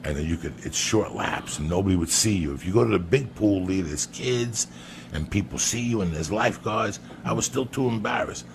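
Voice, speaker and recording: A man telling a long personal story on a podcast in a profane, animated way. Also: lowish voice, fairly quick, vocal fry, slight background noise. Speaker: podcast guest. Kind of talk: storytelling anecdote.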